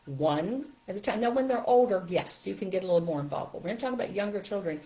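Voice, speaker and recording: A middle-aged woman giving an emphatic, animated parenting talk on a live stream, speaking straight to parents. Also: mid-range voice, fast talker, low-quality recording. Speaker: parenting coach.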